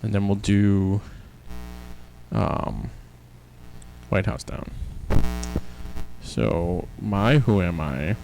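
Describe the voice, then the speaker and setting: A man co-hosting a casual movie review podcast, chatty and quick to laugh as he retells scenes. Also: lowish voice, creaky, a little mellow, faint music behind, rough recording. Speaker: podcast co-host.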